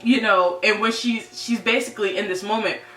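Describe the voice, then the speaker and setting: Casual recap voice, bright and a bit sharp, mic kinda far off in an echoey room with a faint hum. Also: mid-range voice, fairly even intonation, moderate pace. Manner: chatty, full of "right?" and "you know". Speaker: TV series reviewer.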